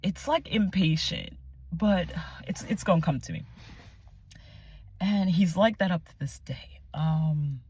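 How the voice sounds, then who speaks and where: A young woman telling her personal faith testimony in a casual vlog, animated and chatty, often dropping to a near-whisper and searching aloud for words. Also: fairly low pitch, unhurried, breathy edge. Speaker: Christian vlogger sharing her testimony.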